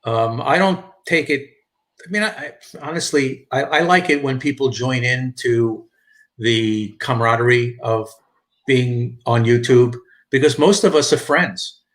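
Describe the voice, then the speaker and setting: A middle-aged man with a thick New York accent chats casually on his live stream. He rambles, stops and restarts his sentences, and reads out viewer comments as he goes. His voice sits at a middling pitch. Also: unhurried, a bit bright. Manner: rambling, repeats and restarts, reads chat aloud.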